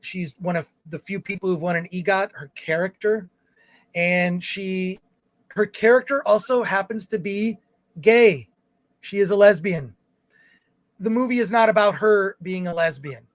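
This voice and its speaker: A man's voice: sits high, a little slow, no room sound. A man co-hosting a film review livestream, reading viewer comments aloud in casual chat with fillers and restarts. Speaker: film review show co-host.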